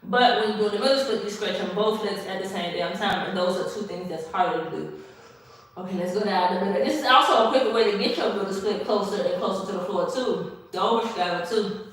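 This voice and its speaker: A woman's voice: mid-range voice, a little fast, distant mic. A woman hosting a casual stretching livestream, chatty and sassy, talking straight to her viewers and a little winded from the effort. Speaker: livestream host doing a stretching session. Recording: very echoey room, voice off-mic.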